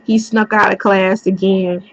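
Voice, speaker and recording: A woman's voice: medium pitch, flat delivery, measured pace. A young woman casually telling a personal story in a blunt way, swearing freely. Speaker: vlogger. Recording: dull, dry lo-fi recording.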